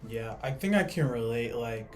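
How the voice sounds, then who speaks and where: A man's voice: medium pitch, lively intonation, moderate pace, darkish tone, soft background music. Young man, rambling casual talk. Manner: casual, heavy "like" filler, trailing thoughts. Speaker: co-host. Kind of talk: casual faith discussion.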